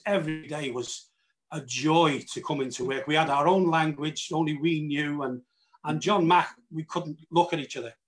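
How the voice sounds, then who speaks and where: A man, an actor guest, telling backstage anecdotes in a lively way and acting out his own cries and reactions. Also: a little high. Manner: animated storyteller, acts out his own reactions with loud cries. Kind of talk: anecdotal reunion chat.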